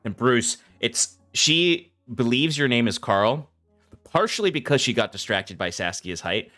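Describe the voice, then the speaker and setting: A man's voice: medium pitch, big pitch swings, measured pace, sharp tone, soft background music. A man narrating a tabletop game as game master in a loose, giggly way.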